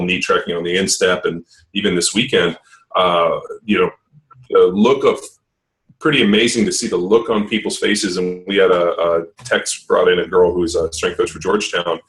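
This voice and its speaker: A man's voice: deep voice, poor audio. A man hosting a podcast, telling stories in a rambling, filler-heavy way. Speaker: podcast host. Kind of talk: casual podcast chat.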